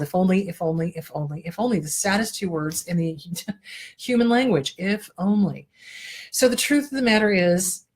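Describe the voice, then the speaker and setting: A woman talks straight to her listeners in an advice show, blunt and unfiltered. She swears freely and drops into little voices when she tells a joke. Her pitch sits in the middle for a woman. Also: darkish tone. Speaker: therapist and show host. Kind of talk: candid advice talk.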